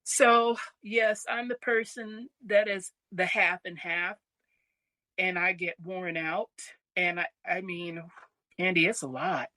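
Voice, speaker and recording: A woman co-hosting a casual podcast chat who tells animated stories and acts out the voices of people in them. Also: lowish voice, takes it slowly, no room sound. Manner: animated, acts out quoted voices, laughs easily. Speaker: podcast co-host.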